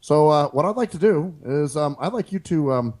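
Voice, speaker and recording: A man putting on a slow, measured impression of a male president, drawling with many ums and pauses. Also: a little high, lively intonation, darkish tone. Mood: mock presidential. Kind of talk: comic improvised impression.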